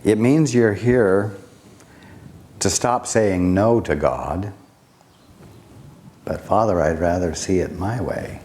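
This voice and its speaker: Male spiritual teacher, deep and unhurried, measured delivery with long pauses. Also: a little mellow. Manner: slow, deliberate, with long pauses and rhetorical questions.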